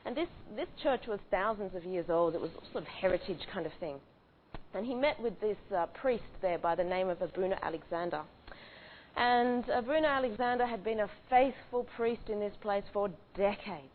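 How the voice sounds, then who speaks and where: A woman's voice: mid-range voice, moderate pace. Woman retelling a story over tinny audio. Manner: conversational with frequent restarts and fillers. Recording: tinny phone-like audio with faint hiss.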